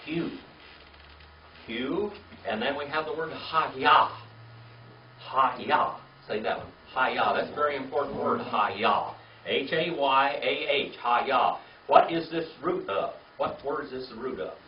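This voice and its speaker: A man's voice: mid-range voice, slow, a little hiss or hum. A man teaching a Bible class, spelling out words letter by letter and having the class repeat them. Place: classroom or church meeting room. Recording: echoey room, distant mic, dull lo-fi.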